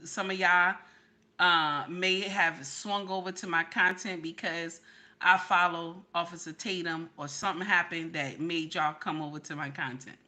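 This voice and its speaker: A woman's voice: on the low side, steady tone, unhurried, pushed and bright. A woman hosting a live reaction commentary, talking straight to her chat and hammering points with repeated "okay?". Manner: emphatic, repeats "okay?" to drive points home; talks to her chat directly. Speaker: commentary host.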